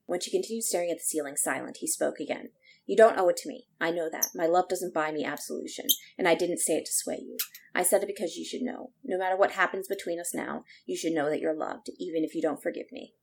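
Soft-voiced woman reading a novel aloud. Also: on the low side, fast, vocal fry, slightly rough, poor audio. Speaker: podcast co-host.

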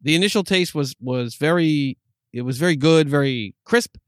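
A man's voice: a little high, normal speed, dry recording, studio quality. A man co-hosting a casual beer review podcast, easygoing and self-deprecating. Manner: easygoing, self-deprecating, says dude a lot. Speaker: podcast co-host.

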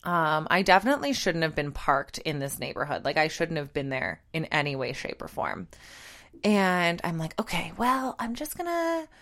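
A woman's voice: low-pitched, normal speed. A young woman in her twenties hosting a podcast, telling a funny personal story in a self-deprecating way and laughing as she talks. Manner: animated, self-deprecating, laughs through lines. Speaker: podcast host. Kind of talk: casual storytelling.

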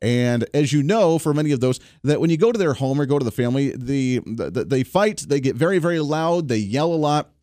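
A man hosting a talk radio show, giving an emphatic, animated political commentary monologue on a studio microphone. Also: medium pitch, a little fast, hardly any pauses, no echo.

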